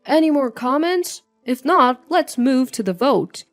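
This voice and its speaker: A woman's voice: sits high, animated, measured pace, no echo, soft background music, voice pushed up. A woman voicing a formal male company vice president chairing a meeting in an orderly way.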